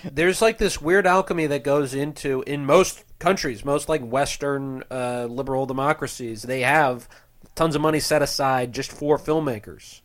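A man in a casual chat who works through his points thoughtfully. He hedges often and fills pauses with "like" and "uh". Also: mid-range voice. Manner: thoughtful, hedging with fillers.

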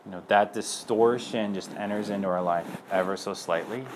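A man's voice: lowish voice, moderate pace, background noise. A young man speaking as a priest, giving an earnest personal testimony in a loose conversational way. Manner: earnest and conversational, many fillers.

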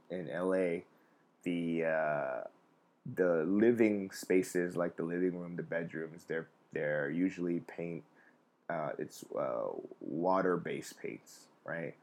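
Deep-voiced profane man rambling casually. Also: a little mellow. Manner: rambling, profane, self-mocking, with many restarts. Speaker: comedian hosting a live stream. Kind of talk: casual storytelling chat.

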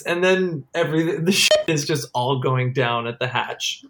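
A podcast co-host in casual chat, rambling and excitable, with many restarts. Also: mid-range voice, a little slow.

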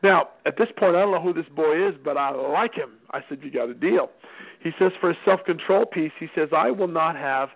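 A middle-aged man tells a folksy story about raising his kids and voices both sides of the dialogue. His voice sits a bit high and has a gravelly fry. It comes through thin and narrow, like a radio broadcast over a phone line. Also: fairly quick. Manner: folksy, anecdotal, acts out dialogue. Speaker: parenting seminar speaker. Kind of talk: storytelling talk. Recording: tinny phone-like radio sound.

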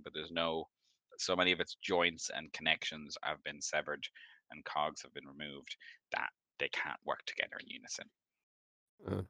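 Man GM, deep and bright, loose rambling narration, dry mic. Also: no echo. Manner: rambling, filler-heavy description. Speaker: game master. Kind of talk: narrating a tabletop game.

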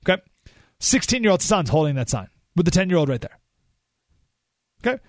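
Animated male talk radio host, dry sound. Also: sits high, fairly quick, no room sound. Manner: animated storyteller, acts out quotes with a raised voice.

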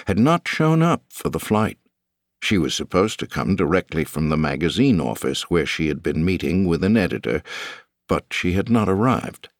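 A male audiobook narrator with a very deep voice. His delivery is lively and expressive, with the pitch rising and falling freely. The sound is dry and close-miked. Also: no echo. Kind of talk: scripted narration.

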